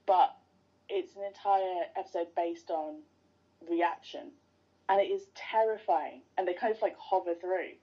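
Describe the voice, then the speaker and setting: A woman's voice: fairly low pitch, unhurried. A woman guest on a podcast, chatting casually and enthusiastically like a fan. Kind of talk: casual interview chat. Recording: dull lo-fi sound.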